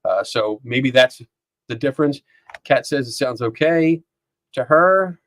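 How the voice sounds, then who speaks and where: A man's voice: medium pitch, lively intonation, a little slow, a bit bright, no room sound. A man hosting a live stream from a home studio, chatting casually and reading comments aloud, often laughing and rambling. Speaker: podcast host. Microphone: dynamic microphone.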